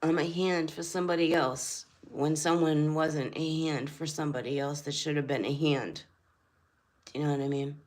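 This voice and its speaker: A woman's voice: low-pitched, fairly even intonation, normal speed, darkish tone. An older woman hosting a spiritual channel who talks earnestly in a rambling way and repeats her phrases. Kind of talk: casual livestream talk.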